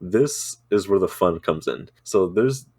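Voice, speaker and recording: A man's voice: low-pitched, lively intonation, a little slow, darkish tone, dry recording. A man co-hosting a podcast, telling a rambling story in casual chat, swearing freely and laughing often. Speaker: podcast co-host.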